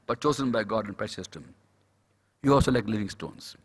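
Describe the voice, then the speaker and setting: Male preacher, slightly husky, highly animated, repeats key phrases, reverberant conference hall. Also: fairly quick. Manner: storytelling, acts out dialogue, repeats key phrases. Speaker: speaker at a medical Christian conference. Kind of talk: devotional sermon.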